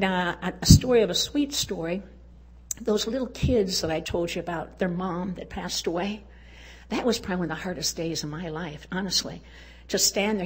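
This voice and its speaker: A woman's voice: medium pitch, slightly rough. An older woman giving a folksy, exuberant testimony talk at a church women's event, urging and cheering her listeners on. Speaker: women's conference speaker.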